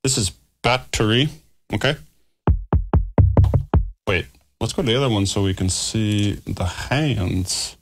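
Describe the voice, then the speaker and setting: Gravelly slow-talking man, scattered and swearing. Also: fairly low pitch, over loud music. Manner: scattered, swearing, self-mocking asides. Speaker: music producer streaming. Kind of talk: casual livestream talk while working.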